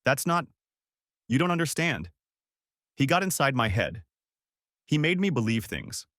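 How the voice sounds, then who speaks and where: A man's voice: mid-range voice, very animated, unhurried, a bit bright, dry recording, studio quality, pitched above the performer's own voice. A man voicing a desperate, unfaithful wife who pleads and then turns cold, in a story reading. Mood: pleading.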